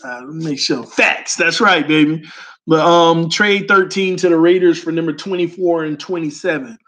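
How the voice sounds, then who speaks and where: A young man, hosting a casual sports fan talk and reading comments in an animated, emphatic, slangy way. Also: high voice, moderate pace. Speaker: sports fan channel host.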